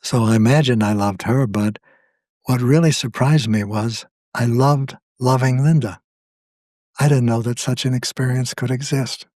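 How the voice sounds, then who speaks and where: An older man, a guest author, speaking in a slow, measured, thoughtful way in a reflective conversation. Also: mid-range voice, fairly even intonation, darkish tone, no echo, studio quality.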